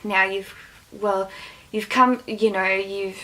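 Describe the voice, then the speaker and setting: A woman's voice: medium pitch, slow, rough recording. A woman recounting personal experiences in an interview, hesitant and full of fillers. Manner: flat, gravelly, hesitant. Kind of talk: personal testimony.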